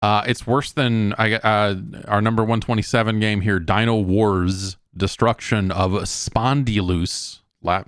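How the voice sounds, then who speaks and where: Low-voiced man rambling through a game review. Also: fairly even intonation, unhurried, hardly any pauses, smooth, no echo, studio quality. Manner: rambling, conversational, lots of restarts and asides. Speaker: show host. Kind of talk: casual solo game review talk.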